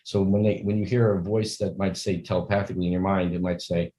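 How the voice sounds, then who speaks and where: An older man, a guest in a conversational interview, speaks earnestly in long, rambling stretches and acts out the greetings he quotes. His deep voice is mellow and flat in delivery, and he talks fast. The audio is poor.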